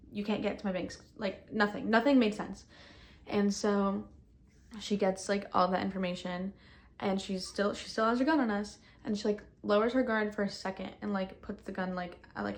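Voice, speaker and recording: A woman recounting a personal ordeal in casual first-person storytelling, talking in quick bursts full of fillers, recorded outdoors. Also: medium pitch.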